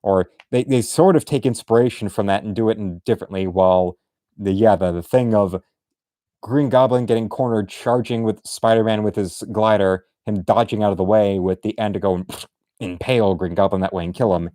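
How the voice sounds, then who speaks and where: A man's voice: on the low side, brisk, mellow, no room sound, clean studio sound. A man giving rambling, casual commentary while drawing, with many restarts and muttered asides. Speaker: artist streaming a drawing session.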